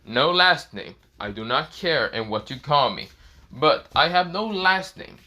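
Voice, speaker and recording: Menacing teenage boy soldier, voiced by a man, cold, flat threats, bright tone. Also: fairly high pitch, unhurried, pitched above the performer's own voice, heavily acted.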